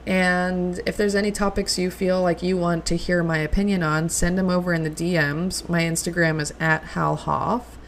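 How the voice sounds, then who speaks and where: Chatting alone on her podcast, a young woman gushes, filling her talk with ums and likes. She speaks on the low side with a level tone, at moderate pace with few pauses, over slight background noise.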